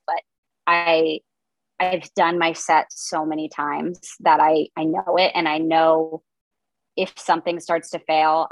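Chatty woman with a gravelly low voice. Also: no room sound, rough recording. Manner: chatty, lots of "like" fillers. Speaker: comedian guest. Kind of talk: casual interview chat.

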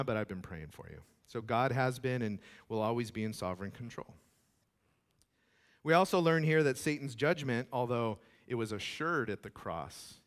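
A male pastor preaching with emphatic conviction at a mid-range pitch. He swings between loud declarations and hushed asides, and acts out the voices he quotes. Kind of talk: sermon.

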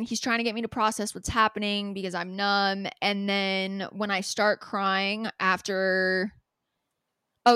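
A young woman telling a story on a podcast in a lively, unfiltered way. She swears freely and acts out the lines of the people in her story. The sound is dry and close, with no room echo. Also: medium pitch, clear, resonant tone. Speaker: podcast co-host. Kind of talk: casual storytelling chat.

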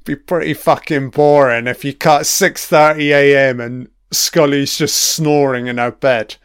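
Slow-talking man, swearing freely. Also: mid-range voice, steady tone, clean tone, no echo, clean studio sound. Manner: swears freely, chatty, laughs often. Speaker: TV episode commentator. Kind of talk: casual audio commentary.

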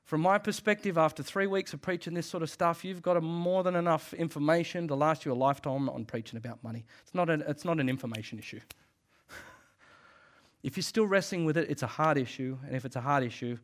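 Pastor, man, sermon delivery, somewhat raised pitch, emphatic repeats. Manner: emphatic, repeats phrases, quick laughs.

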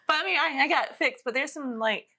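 Woman in her thirties, casual podcast co-host, high bright voice, dry short reactions. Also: normal speed. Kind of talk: casual chat.

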